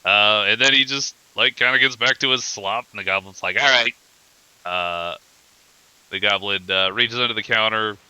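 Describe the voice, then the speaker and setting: A game master sets each scene in loose, rambling description full of fillers. His voice sits low but bright and clear. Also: normal speed, no echo. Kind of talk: narrating a tabletop game.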